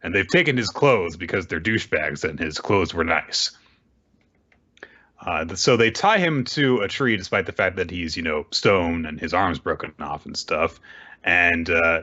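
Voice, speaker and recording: A man's voice: low voice, animated, normal speed, pushed and bright. A man recapping a manga chapter in a casual chat and acting out the characters' lines with animation. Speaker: podcast co-host. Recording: dull lo-fi audio.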